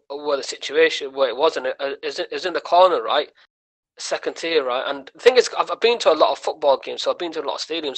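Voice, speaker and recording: On a rough recording, a man with a voice on the high side tells a story as a podcast guest. He is a comedian, lively in delivery, and acts out the voices of the characters in his tale.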